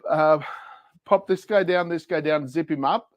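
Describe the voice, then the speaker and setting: A man demos products on a casual livestream, joking and rambling as he goes. His voice sits fairly high for a man. The sound is close and dry, with no room echo. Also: measured pace. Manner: playful, jokey, rambling. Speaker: livestream shopping host. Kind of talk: casual product demo chat.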